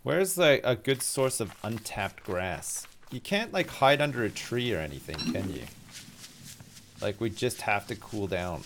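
Lively, swearing male game streamer. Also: on the low side, measured pace, slight background noise. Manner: joking, self-mocking, swears freely, talks to chat. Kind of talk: live gameplay chat.

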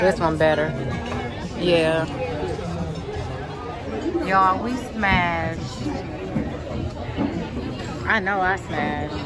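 A young woman, rambling casually to her viewers and calling them y'all. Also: lowish voice. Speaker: vlogger. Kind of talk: casual chat to camera.

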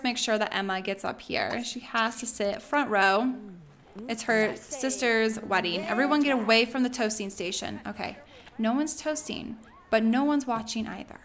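A young woman casually commenting on a life-sim game as she plays, chatty and excitable, often laughing and squealing. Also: fairly high pitch. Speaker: let's play host.

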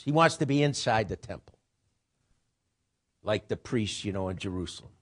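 A man giving an informal lecture on writing, rambling and digressive, with profane asides. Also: mid-range voice.

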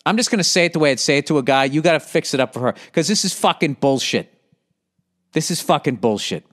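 Fairly high-pitched and quick, the middle-aged man with the Boston accent reads listener mail on his podcast. His replies are animated rants laced with frequent swearing.

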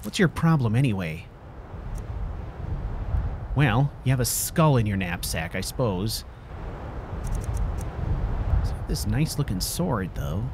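A man's voice: on the low side, big pitch swings, takes it slowly, long pauses, background noise. A man role-playing a character in a video game, chatting in a jokey way and talking to his companion dog. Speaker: role-play gamer.

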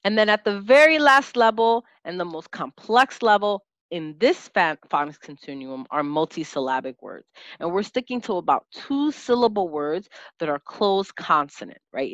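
A woman teaching a lesson, sounding out letters and syllables slowly and clearly as an instructor. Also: on the low side, a bit bright, dry recording, dull audio. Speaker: teacher and test-prep instructor.

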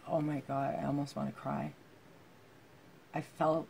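A woman giving a heartfelt tarot reading to her viewers, reading card texts aloud and musing softly with many fillers. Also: sits low, level tone, a little slow, creaky, long pauses, a little hiss or hum. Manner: soft-spoken, heartfelt, with frequent fillers. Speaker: tarot reader.

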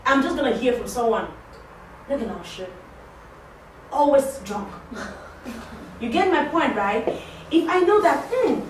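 A woman teaching a class of assistants, talking conversationally, repeating her points and questioning the class. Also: on the high side. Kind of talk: interactive classroom talk. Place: classroom or training room. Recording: very echoey room, distant mic, faint noise.

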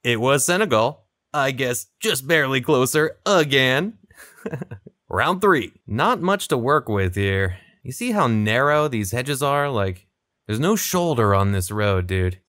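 A young man talks through his game in an unhurried, easygoing way, his pitch rising and falling a lot as he reacts. He sits close to a desk microphone in a dry room with no echo. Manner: relaxed, chatty, laughs often. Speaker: gaming video creator. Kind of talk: casual gameplay commentary.

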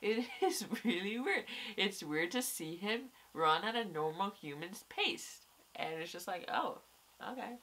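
Young woman vlogging, stuffy nose from crying, kinda tired, rambly and swears a lot, bright voice. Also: medium pitch, animated, a little slow. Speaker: vlogger reviewing a TV episode. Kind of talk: casual chat.

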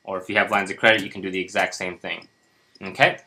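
A man with a lowish, bright, forceful voice explains a budgeting spreadsheet in a loose, chatty way. He talks with an upbeat, encouraging tone and stumbles through lots of fillers and restarts. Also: level tone, quick pace. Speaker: personal finance instructor. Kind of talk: casual screen-share tutorial.

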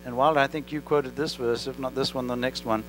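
A man's voice: mid-range voice, fairly even intonation, brisk, soft background music, rough recording. A male pastor preaching an earnest sermon, telling a story with rising and falling emphasis. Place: church. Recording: church recording with electrical hum.

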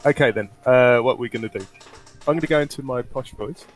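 A man's voice: mid-range voice, quick pace, soft background music. A young man as a player, chatting casually and joking between moves in a tabletop game. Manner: jokey, rambling, laughs at own jokes.

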